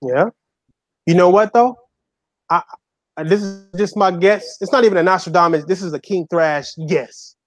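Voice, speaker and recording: Casting: high-pitched man, dry close mic, rowdy laughing gamer banter. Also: moderate pace, dry recording. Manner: loud, profane, laughs often, playful impressions. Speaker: YouTube gamer co-host. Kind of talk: casual podcast chat.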